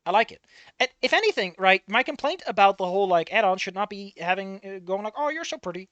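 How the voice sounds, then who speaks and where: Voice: medium pitch, quick pace, a bit bright, no echo, highs cut off. A person reading a fan story aloud and breaking off for sarcastic, swearing commentary. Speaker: fanfic reader and reviewer.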